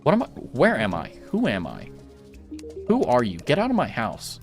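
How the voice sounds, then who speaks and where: A man's voice: medium pitch, wildly swooping pitch, moderate pace, soft background music. A man doing a confused, addled old man. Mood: bewildered.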